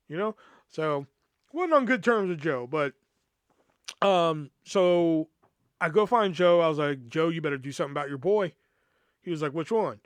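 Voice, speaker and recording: Profane, animated young man telling a story. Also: fairly high pitch, moderate pace, long pauses, clean tone, no echo. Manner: profane, animated retelling with quoted dialogue. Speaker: podcast host. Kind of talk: casual storytelling monologue.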